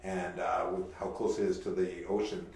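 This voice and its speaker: A man, a podcast guest telling animated stories in casual chat. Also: low-pitched, normal speed, creaky. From Kamloops, Canada. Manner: animated anecdote teller. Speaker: podcast guest, pro mountain biker. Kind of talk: casual storytelling. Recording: echoey room.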